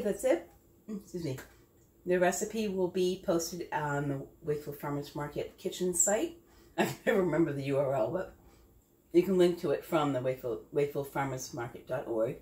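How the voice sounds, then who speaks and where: Woman cook hosting a homey demo: low-ish, lively voice, chatty, kitchen echo and clinking dishes. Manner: chatty, thinks aloud, tastes while talking. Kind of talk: casual cooking demo talk. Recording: echoey kitchen. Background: clinking dishes and cutlery.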